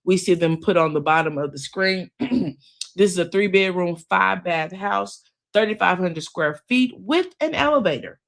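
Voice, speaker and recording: A woman's voice: lowish voice, animated, normal speed, gravelly. A woman hosting a casual recap of a reality TV episode, chatty and opinionated, often calling her listeners "child" and "girl.".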